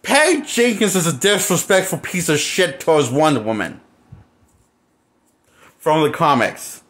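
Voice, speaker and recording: A man's voice: a little high, animated, unhurried, a bit bright. Crude, mocking man ranting. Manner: crude, mocking, laughs at his own jokes. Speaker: movie reviewer. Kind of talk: casual ranting review.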